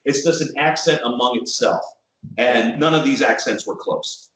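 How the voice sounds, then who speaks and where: A man's voice: mid-range voice, normal speed, a bit bright. A man from Texas, a podcast guest giving blunt, emphatic opinions in casual chat. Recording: echoey room, distant mic.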